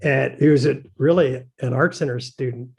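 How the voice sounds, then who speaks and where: The older designer speaking as a guest has a gravelly, darkish, medium-pitched voice with a breathy edge, moving at a moderate pace. He tells stories casually, hesitating and meandering with frequent fillers and chuckles.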